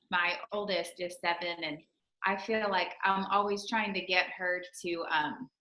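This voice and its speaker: A woman on a coaching call speaking in a candid, reflective way. The sound has a roomy echo, and her pitch sits in the middle. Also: fairly bright tone. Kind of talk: casual personal story. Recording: echoey room.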